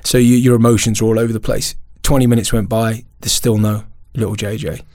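Man, podcast guest, candid storytelling, animated and emotional, dry close sound, rapid delivery. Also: lowish voice, no room sound. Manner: animated, emotional, quick restarts and self-laughter.

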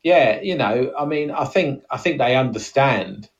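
A man improvising as a comedic interview guest, rambling in a deadpan manner. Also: medium pitch, unhurried, gravelly, far from the mic, highs cut off. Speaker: podcast co-host.

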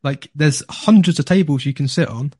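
A man, a podcast guest telling a story in a casual, animated way, laughing often and repeating words when excited. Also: on the high side, moderate pace, husky, no echo, studio quality.

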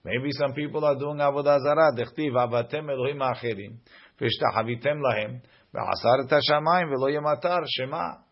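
A man's voice: mid-range voice, a little fast, highs cut off. A man teaching a Talmud lesson, reading each Aramaic line aloud and then translating it.

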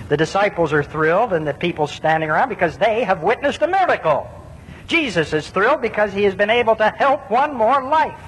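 A man preaching a sermon in an earnest, emphatic way, leaning on rhetorical questions. His voice sits a little high for a man. It carries a long reverb, with a faint low rumble behind it. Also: fairly bright tone.

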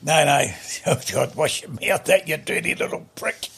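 A man in his late seventies with a New Zealand accent, a guest trading gruff, blustery jabs in a staged argument. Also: a little high, normal speed, fairly bright tone, slight background noise. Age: 70s. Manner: gruff, blustery, calls people mate.

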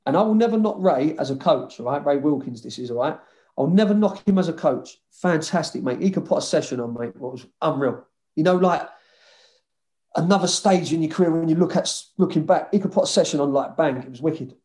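A former footballer tells rambling stories from his playing days. He swears freely and keeps his tone loose and chatty. His voice sits a little high for a man. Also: animated, brisk, mellow. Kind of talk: casual storytelling interview.

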